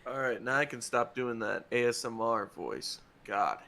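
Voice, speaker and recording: A man's voice: medium pitch, moderate pace, gravelly, pushed and bright, slight background noise. A man co-hosting a livestream, bantering playfully in casual talk.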